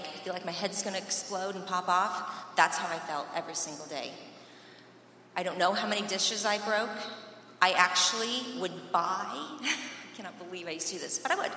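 A woman speaks her personal faith testimony with earnest emphasis and long dramatic pauses. Her voice is low-pitched but bright and forceful. She is heard from a distance in a large echoey hall, with faint ambience underneath. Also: slight background noise.

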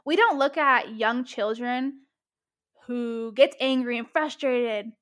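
A woman's voice: on the high side, takes it slowly, a bit bright. A woman hosting a self-help podcast, talking casually with frequent swearing and acting out inner voices. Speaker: podcast host.

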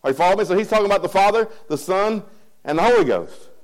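A man's voice: high voice, expressive, rapid-fire, low-quality recording. A male pastor giving a conversational sermon, often repeating phrases and asking the congregation if they follow him. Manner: keeps checking in with the congregation.

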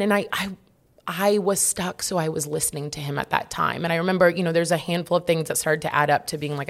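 A woman's voice: low voice, animated, fairly quick, gravelly. A young woman in a candid interview, openly and emotionally reflecting on a hard past relationship. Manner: open, reflective, emotional storytelling. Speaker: guest.

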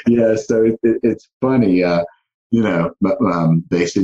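A man's voice: fairly low pitch, unhurried, dark tone. A middle-aged man with a Southern accent tells his life story in a casual podcast interview, earnest, with many restarts. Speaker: guest, car dealership owner. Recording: dull lo-fi sound.

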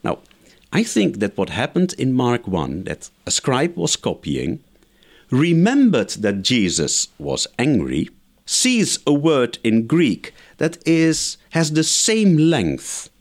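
A man's voice: medium pitch, wildly swooping pitch, takes it slowly. A man, a scholar guest in an interview, giving methodical explanatory answers point by point. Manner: lecturing, methodical, enumerates points.

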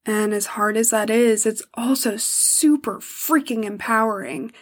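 A fairly high-voiced young woman talks through a painful personal story on her podcast. She pauses often to keep from crying and sometimes falls to a near whisper. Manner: emotional, pausing to hold back tears. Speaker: podcast host.

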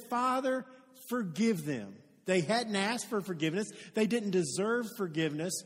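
A man preaching a sermon as pastor, telling stories earnestly and building to emphatic peaks. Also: sits high. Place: church sanctuary. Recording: long reverb of a large hall.

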